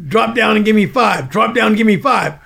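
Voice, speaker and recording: An older man voicing a loud, mocking male drill sergeant in a spoken war story. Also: high-pitched, lively intonation, fairly quick, vocal fry, breathy edge, voice pushed up, full character voice. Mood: barking mockery. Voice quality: barking, mocking.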